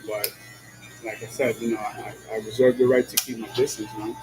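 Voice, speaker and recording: A vlogger with a lowish voice and level tone talks a little fast as he drives, music in the background. He's slangy and relaxed, often saying "yo" and "you know what I'm saying," with frequent laughs between lines. The recording is rough.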